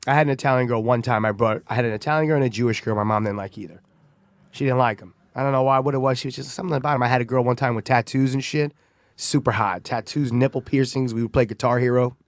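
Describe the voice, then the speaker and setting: A man's voice: mid-range voice, fast talker, no echo. A young man from the Bronx, telling stories in a brash, profane, laughing way as a guest comedian on a casual podcast. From the Bronx, New York.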